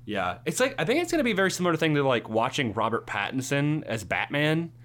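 A young man co-hosting a casual movie review chat, relaxed and agreeable, often saying "yeah.". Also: a little high, fast.

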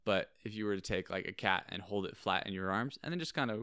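A young man, a podcast co-host, telling a story dramatically and building suspense with slow pauses. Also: sits low, sharp tone, clean tone, dry recording, clean studio sound. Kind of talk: animated storytelling.

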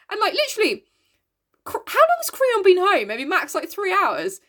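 A woman's voice: extremely high pitch, wildly swooping pitch, moderate pace, fairly bright tone. Woman chatting about a play, sweary and giggly. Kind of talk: casual chat retelling a play.

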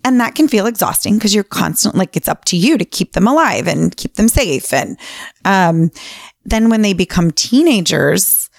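A woman's voice: mid-range voice, animated, normal speed, vocal fry, no room sound, clean studio sound. A woman in her forties, a podcast co-host, talking candidly about parenting with frequent laughs and casual swearing. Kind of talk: casual chat.

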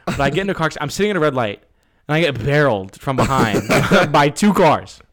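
On a podcast he co-hosts, a young man chats casually, becoming animated and heated as he retells his stories. His voice is a little high and he speaks quickly.

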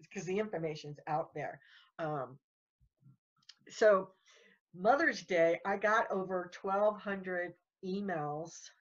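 A woman's voice: fairly low pitch, highs cut off. A woman guest telling her story in casual chat, rambling and repeating words. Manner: rambling, repeats words, talks fast when worked up.

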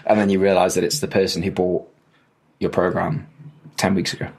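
A man's voice: low-pitched, monotone, normal speed, gravelly, darkish tone. A man co-hosting a podcast, chatting casually in a rambling, self-interrupting and jokey way. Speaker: podcast co-host. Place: at home during rain, remote call.

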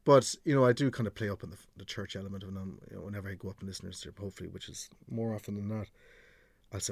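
A man's voice: fairly low pitch, racing, creaky, no room sound. A middle-aged Irish man, a radio presenter telling stories in a frank, chatty way and swearing freely. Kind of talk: podcast conversation, storytelling.

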